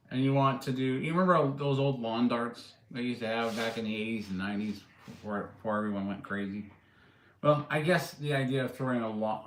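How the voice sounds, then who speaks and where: A man hosting a casual live stream, talking in a rambling way with many fillers and restarts. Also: fairly low pitch. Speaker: livestream host and drone builder. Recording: roomy echo.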